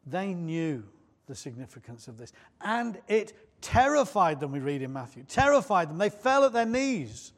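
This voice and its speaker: A man's voice: sits high, sing-song, moderate pace. A man preaching a sermon in church, conversational and often putting questions to the congregation.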